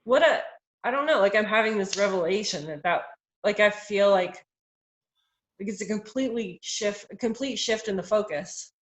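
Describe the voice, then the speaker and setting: A woman's voice: mid-range voice, moderate pace. A woman in a Bible study group, thinking aloud in a rambling way, full of "like" and "um". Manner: rambling and searching, heavy use of "like" and "um". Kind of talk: casual group discussion. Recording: echoey room.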